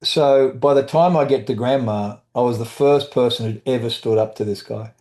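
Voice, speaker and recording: A middle-aged man, a guest, candidly telling personal stories in conversation, halting and restarting as he goes. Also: mid-range voice, darkish tone. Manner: halting, with restarts and brief quoted voices. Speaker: guest, author and trauma survivor.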